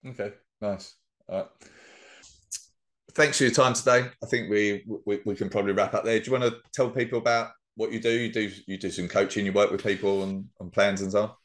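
A man hosting a podcast interview in a laid-back way, swearing casually and quick to laugh. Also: fairly low pitch, fairly even intonation. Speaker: podcast host.

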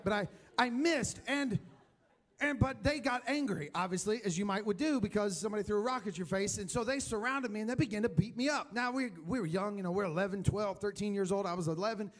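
A man preaching a sermon in church, telling his personal testimony, rising loud for emphasis and dropping to a hushed voice when emotional. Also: high-pitched, a little fast. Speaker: pastor.

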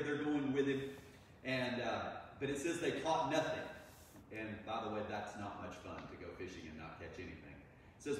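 A man's voice: fairly low pitch, slight background noise. A man preaching a sermon as a pastor in a conversational, storytelling way, acting out the voices of people in the stories. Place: church sanctuary. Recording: echoey room from far off, faint ambience.

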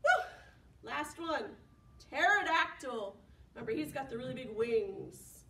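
Animated high-voiced children's librarian. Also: female voice, a little slow, a little hiss or hum. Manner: animated, gasps and whispers to engage children. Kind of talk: preschool storytime reading and singing. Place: library room. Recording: echoey room, mic at a distance.

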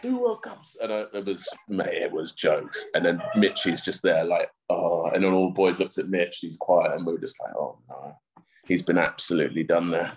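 A man with a very deep voice and a faint hiss behind him. He chats casually on a rugby podcast, relaxed and hesitant, with plenty of ums and pauses. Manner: relaxed, hesitant, many fillers. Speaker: rugby prop, podcast guest.

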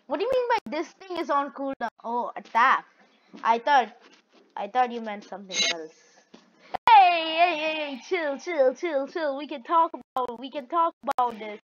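A woman's voice: high-pitched, a bit bright, muffled recording, slight background noise. A young woman chatting casually while playing an online game, trading playful trash talk with a friend and laughing often. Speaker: gaming video creator. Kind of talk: casual gameplay commentary.

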